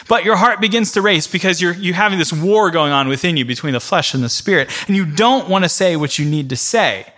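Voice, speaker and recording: His slightly high voice sounds pushed and bright. Talking directly to the room in a church class, he teaches conversationally through a vivid everyday story told in the second person.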